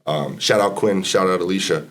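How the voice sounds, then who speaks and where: Deep-voiced young man telling stories. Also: moderate pace. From Massachusetts, US. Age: 20s. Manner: rambling, laid-back, lots of fillers and quoted dialogue. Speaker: podcast guest, college basketball player. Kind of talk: casual storytelling interview.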